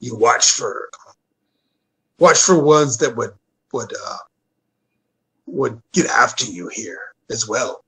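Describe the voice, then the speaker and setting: A man voicing a pushy male goblin, speaking slowly and urgently. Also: medium pitch, expressive, sharp tone, poor audio. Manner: slow, deliberate, pushy questioning.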